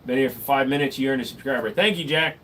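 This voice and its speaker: A man's voice: medium pitch, fast, fairly bright tone. A man casually chatting with his stream viewers, crude and rambling, cracking jokes. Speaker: streamer answering chat. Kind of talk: casual live stream chat. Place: home room with gun wall.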